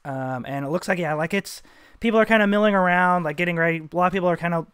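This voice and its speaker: A man's voice: high voice, fast, a bit bright, clean tone, dry recording, studio quality. A man narrating a tabletop game as game master, rambling and full of fillers.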